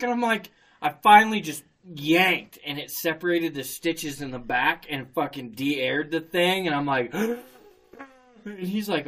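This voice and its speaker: A man's voice: fairly high pitch, moderate pace. A man in casual chat, telling a story with heavy swearing and frequent laughter. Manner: profane animated storyteller, laughs often.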